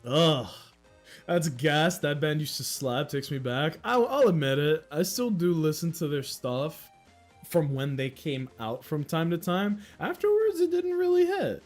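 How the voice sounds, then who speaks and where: This livestream host, a young American whose English carries a Dominican influence, speaks at a measured pace in a fairly high voice. Faint music sits behind him as he rambles casually through stories for viewers, laughing often.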